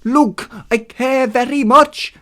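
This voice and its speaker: The podcast host voicing an earnest male messenger god, reading his lines aloud in a measured way. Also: medium pitch, voice pushed up, close to an everyday voice.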